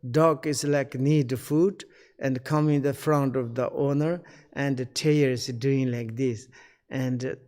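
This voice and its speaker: A male spiritual teacher speaks slowly in broken, searching English. His voice sits at an ordinary middle pitch and he pauses often, clearing his throat. The sound carries a long reverb tail. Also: fairly even intonation, a little mellow. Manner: halting non-native English, searching for words; unhurried, frequent fillers and throat-clearing. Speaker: Buddhist teacher.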